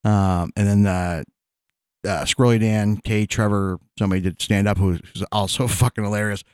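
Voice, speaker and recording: A man's voice: on the low side, steady tone, normal speed, darkish tone, clean tone, no room sound, clean studio sound. A man in casual chat, telling long rambling stories full of fillers and restarts, laughing as he goes. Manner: rambling storyteller, many fillers and restarts, laughs mid-sentence.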